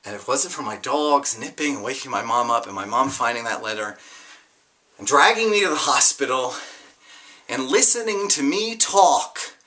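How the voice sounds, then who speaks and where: With lively intonation and a moderate pace, a young adult vlogger recounts a personal story in a bright, forceful voice. The raw, unscripted testimony is passionate and at times profane, shifting from low and quiet to fiery outbursts.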